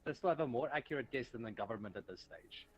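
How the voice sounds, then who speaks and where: A man's voice: medium pitch, expressive, fast, muffled recording. A man from South Africa trading dry, wry remarks in casual chat on a stream.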